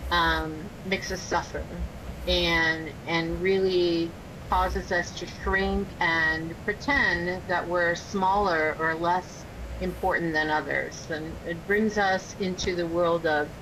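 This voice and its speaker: A woman guest on a podcast, an energy healer speaking in a measured way and listing terms one after another. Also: fairly even intonation. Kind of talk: casual podcast interview. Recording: loud low rumble noise.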